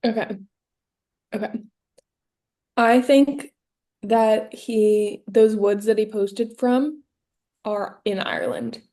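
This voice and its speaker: A young woman co-hosts a casual comedy podcast and spins absurd tales with playful mock seriousness. Her voice sits at an ordinary middle pitch, and she keeps the chat loose and jokey. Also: slow pace, pauses often, warm tone. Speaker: podcast co-host.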